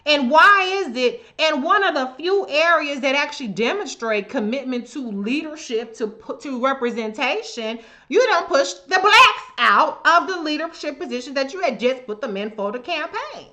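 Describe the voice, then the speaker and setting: An American livestream host, a woman, fires off heated political commentary that's profane, confrontational and emphatic, talking directly to her commenters. Her voice is high-pitched and sharp in tone, animated at a moderate pace with few pauses.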